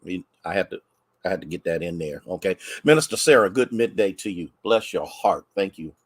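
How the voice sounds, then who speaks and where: An American man, a pastor, chatting warmly with livestream viewers and greeting them by name, a bit congested from sneezing. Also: sits low, animated, a little fast, no room sound.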